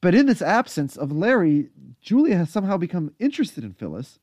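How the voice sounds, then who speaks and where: A man's lively podcast recap of a TV episode moves a little fast, his voice bouncing with energy in casual conversation. Slightly higher-pitched than most men, he's recorded close and dry, without any room sound.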